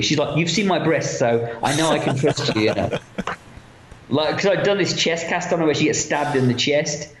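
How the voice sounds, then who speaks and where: A man being interviewed as a guest, telling lively anecdotes with lots of fillers and quoted voices. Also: medium pitch, quick pace, roomy sound, background noise. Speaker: interview guest, effects makeup artist. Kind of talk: casual storytelling interview.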